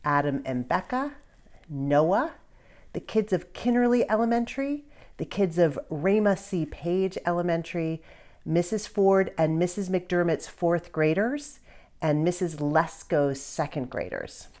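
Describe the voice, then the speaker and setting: A woman's voice: lowish voice, measured pace, darkish tone. A middle-aged woman, a children's author, reading her book aloud to kids with a storyteller's manner and casual asides.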